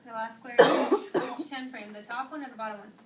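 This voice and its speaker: A woman teacher with a high voice leads a class, asking questions and praising answers. She is recorded from across an echoey classroom. Background noise is clearly audible. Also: brisk, recorded from a distance. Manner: encouraging, questioning, praising students.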